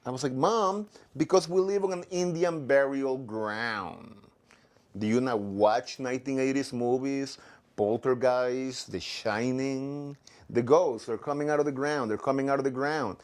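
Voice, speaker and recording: A man talking about his life as a comedian, then doing a stand-up set, with frequent restarts and fillers. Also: medium pitch. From Latino background. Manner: halting, many restarts and fillers. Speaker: comedian guest. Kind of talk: casual chat and stand-up set.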